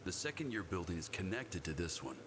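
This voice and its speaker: An actor playing a lazy, wry school doctor who talks in a dry, teasing way in a video game. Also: male voice, low voice, sing-song, fairly quick, background noise.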